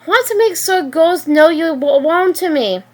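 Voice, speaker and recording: A woman voicing a shrill, possessive girlfriend. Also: animated, moderate pace. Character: clingy, possessive young girlfriend, quick to yell. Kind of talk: amateur story reading.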